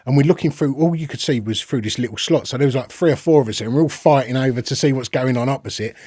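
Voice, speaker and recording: Here a podcast guest from London races through a rambling anecdote at a quick pace, swearing freely and performing the back-and-forth of quoted conversations. The voice is medium in pitch and a little mellow, in a studio-quality recording with no room sound.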